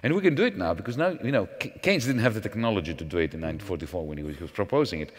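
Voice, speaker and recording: A man speaking as a panel guest at a conference, in a measured, professorial manner with false starts. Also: sits low, expressive. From Greece. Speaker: panel guest, former finance minister. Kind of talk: onstage panel conversation. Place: large conference hall. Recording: long hall reverb.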